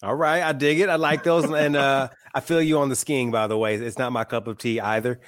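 A man in his thirties from Michigan, a guest and author, talking in a relaxed, wry, opinionated way. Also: mid-range voice, fairly quick, dry recording. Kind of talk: casual chat.

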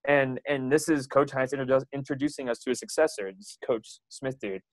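A man's voice: medium pitch, steady tone, fairly quick, dry recording, poor audio. A young man, a runner, telling rambling stories about his coach with lots of fillers and laughs. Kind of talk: casual storytelling.

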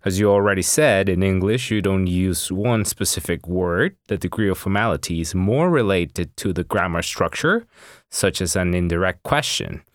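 A man with a very low, deep voice teaching on a language podcast, recorded dry and close. He explains grammar patiently and backs each point with simple examples. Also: moderate pace, no echo. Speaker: Spanish teacher and podcast co-host.

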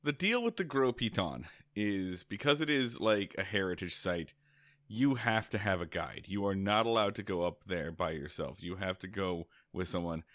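A man's voice: sits low, expressive, normal speed, fairly bright tone, no echo, studio quality. A man co-hosting a casual podcast, telling a rambling story with many restarts and laughs. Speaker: podcast co-host.

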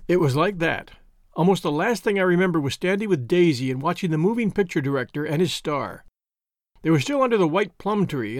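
A man's voice: on the high side, no room sound, studio quality. A man narrating a novel as an audiobook, giving each character a voice.

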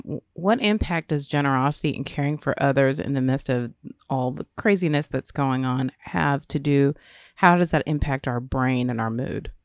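A woman's voice: rumbling low, dry recording, studio quality. A woman hosting a casual interview, affirming her guest and asking questions. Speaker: host.

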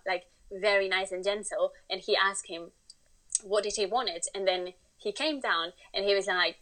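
Lively Spanish-accented woman telling a story. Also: medium pitch, moderate pace, low-quality recording. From Spain. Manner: animated, acts out quoted voices. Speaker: guest. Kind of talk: casual interview storytelling.

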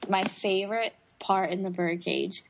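A young woman chatting casually about a film, eager and quick to laugh as she recalls favorite scenes. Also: medium pitch, fairly even intonation, slight background noise. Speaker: film fan in conversation. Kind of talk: casual chat.

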